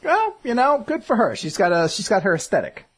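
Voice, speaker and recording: A man co-hosting a casual podcast, giving thoughtful comic commentary, often pausing and restarting his words. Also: sits high, huge pitch swings, slightly rough. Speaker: podcast co-host. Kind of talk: casual manga discussion.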